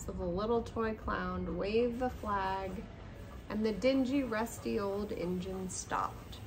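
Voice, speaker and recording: An older woman reading a picture book aloud at home in a gentle, expressive storytelling manner. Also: medium pitch, takes it slowly, over music, rough recording. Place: seated in a chair at home.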